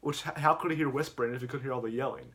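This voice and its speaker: A man's voice: mid-range voice, fairly even intonation, racing, a bit bright. A man casually retelling a comedy video, rambling and stumbling over his words. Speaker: YouTuber.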